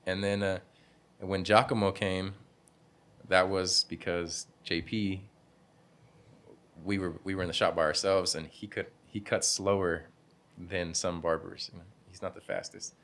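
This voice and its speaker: A man's voice: low-pitched, flat delivery, unhurried, a bit bright. A young man who owns a barbershop, telling stories in a casual interview in a laid-back, slangy way, laughing often and acting out what people said. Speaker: barbershop owner, guest.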